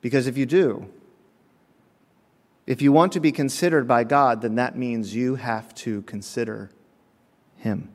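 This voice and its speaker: A man preaching a sermon, telling lively stories with acted-out voices and frequent chuckles, in a church. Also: mid-range voice, measured pace, pauses often. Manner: animated storytelling, acts out voices, chuckles often. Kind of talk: sermon with humorous anecdotes. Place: church sanctuary. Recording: long reverb of a church sanctuary.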